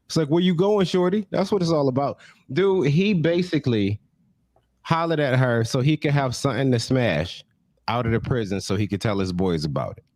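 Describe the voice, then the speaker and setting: A man in his thirties from the American South, co-hosting a podcast in relaxed, slangy, blunt casual chat. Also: medium pitch, moderate pace, no echo. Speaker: podcast co-host.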